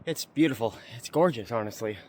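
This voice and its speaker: A young man vlogging as he hikes up a mountain trail. He is out of breath and chatty, and he repeats himself when something excites him. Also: mid-range voice, a little fast, slight background noise. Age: young adult. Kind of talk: casual hiking vlog.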